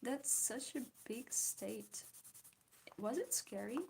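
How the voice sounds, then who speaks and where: A woman's voice: a little high, slow, creaky, a little mellow, slight background noise. A young woman streaming while she draws, chatting casually with her viewers, giggling often and answering their comments. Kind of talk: casual chat while drawing.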